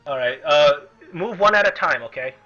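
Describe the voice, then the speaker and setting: A man narrating as game master of a tabletop game, animated and breaking into chants and shouts. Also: a little high, moderate pace. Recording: dull lo-fi recording with music.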